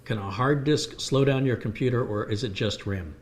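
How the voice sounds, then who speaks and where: An American man hosts a live computer repair stream, answering viewer questions and explaining hardware through everyday analogies. His voice is mid-range at normal speed, with a little hiss or hum in the audio.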